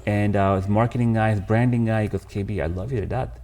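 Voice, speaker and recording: A man, speaking in a fairly low voice. He tells his story to a podcast host with raw, candid emotion, dropping "bro" and "man" as he goes. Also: steady tone, fast, darkish tone. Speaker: podcast guest. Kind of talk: casual storytelling interview.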